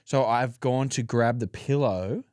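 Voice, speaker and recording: A man's voice: medium pitch, measured pace, a little mellow, no echo, studio quality. A man co-hosting a podcast, laughing often and teasing his co-host. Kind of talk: casual chat.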